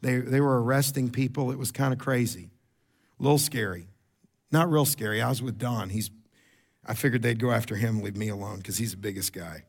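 A middle-aged man, preaching a sermon in a conversational style. He repeats words, makes quick asides to the congregation, and gets louder and higher to stress a point. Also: steady tone. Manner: rises in pitch and volume for emphasis. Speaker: pastor.

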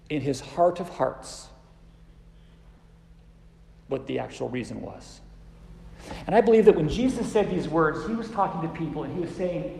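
A man's voice: on the high side, animated, normal speed, vocal fry, long pauses, a little mellow, a little hiss or hum. A man preaching a sermon in a church, earnest and conversational, sharing anecdotes. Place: church sanctuary. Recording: echoey church hall with long reverb.

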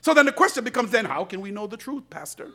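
A man preaching a sermon as pastor, swinging between soft, low asides and loud, emphatic lines, with laughing asides. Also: quick pace. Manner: animated preaching, rising to shouts, laughing asides.

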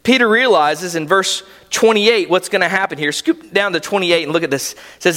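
A man's voice: sits high, normal speed, fairly bright tone, in a large hall. A man preaching a sermon as a pastor, telling the story vividly and with animation.

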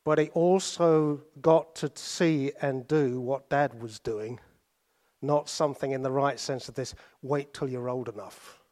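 A British man preaching a sermon, telling stories with pauses and sudden drops to soft asides. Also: medium pitch. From Britain.

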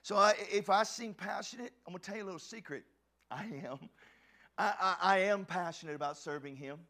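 A man preaching a passionate sermon as a pastor, often shouting and stumbling over restarts. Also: sits high, a little fast.

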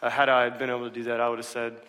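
A man preaching a sermon to his church in a relaxed, joking way, full of "uh" fillers. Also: mid-range voice, rapid-fire. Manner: casual, joking, many "uh" fillers. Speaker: pastor. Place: church sanctuary. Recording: long reverb of a large hall.

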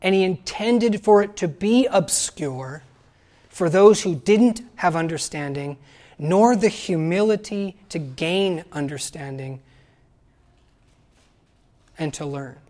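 Guy preaching a sermon, animated, acts out the voices, talks right to the room. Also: high voice, slow, long pauses. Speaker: pastor.

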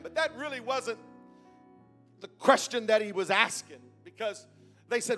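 A man preaching a sermon in a church, moving from a quiet, hesitant start to loud, shouted emphasis. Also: extremely high pitch, normal speed, faint music behind.

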